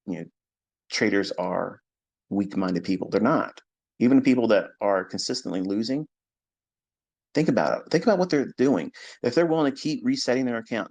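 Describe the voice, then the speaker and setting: A man as a trading mentor, lecturing his followers in a live audio room in a blunt, profane way, dropping low and quiet, then rising loud and high.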